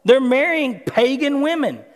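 A man delivers a relaxed, folksy sermon, moving from scripture into everyday stories. His voice sits high for a man. It rings out with a long hall reverb. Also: measured pace. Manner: conversational, folksy preaching with personal stories. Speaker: pastor.

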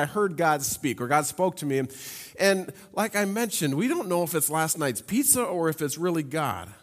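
A man preaching a sermon, reading scripture and explaining it in a lively, conversational way with humorous asides. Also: high-pitched. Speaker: pastor. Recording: long hall reverb.

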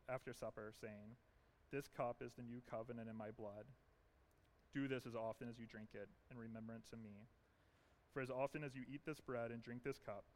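Male pastor, mid-pitched voice, earnest emphatic sermon delivery. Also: slight background noise. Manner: earnest, emphatic preaching with repetition. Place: church.

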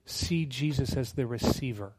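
A missionary's sermon comes in a medium-pitched male voice with a breathy edge, at normal speed. He tells his stories conversationally and with humor, animatedly acting out quotes.

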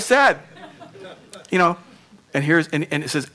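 A male pastor giving an animated sermon, laughing often and sinking to near whispers at times. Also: medium pitch, a little slow, long pauses.

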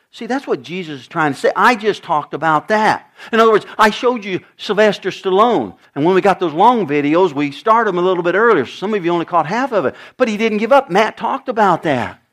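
A middle-aged male pastor preaching, his voice pitched high and swinging widely up and down. He tells stories and puts on little voices for the people in them. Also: animated, brisk, hardly any pauses, a bit bright. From United States. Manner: storytelling, acts out dialogue with shifting voices. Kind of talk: sermon.

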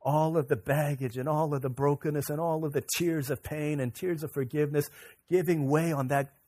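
A man in his thirties preaching a sermon as a pastor, swinging from soft and low to loud and high when he stresses a point. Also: fairly even intonation, brisk.

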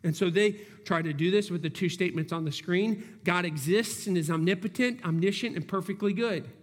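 A man's voice: sits high, a little fast. A man preaching a sermon as pastor, earnest and reasoning aloud with frequent restarts. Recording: long hall reverb.

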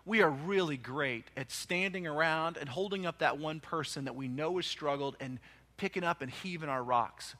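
A man preaching a sermon as pastor, impassioned, rising to loud urgent peaks and dropping to hushed quiet passages. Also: on the high side, normal speed.

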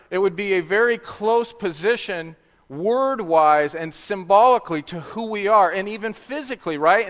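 A man preaching a sermon, sometimes dropping to a soft, hushed voice. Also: sits high, long reverb tail. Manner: drops to a soft, hushed voice for quiet reflection. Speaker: pastor.

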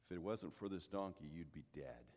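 A man voicing a stern angel who gives grave warnings in a deep, slow, solemn voice. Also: animated, darkish tone.

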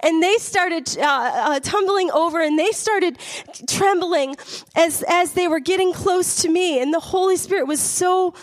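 A woman's voice: extremely high pitch, a little slow. A middle-aged woman telling an earnest, emotional personal testimony, often laughing as she talks. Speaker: church member giving testimony.

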